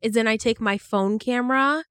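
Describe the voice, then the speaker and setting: A woman's voice: a little high, fairly bright tone, clear, resonant tone. A young woman co-hosting a podcast who chimes in supportively with short replies and brief stories of her own. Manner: supportive, quick short backchannels. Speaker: podcast co-host. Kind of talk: casual podcast chat.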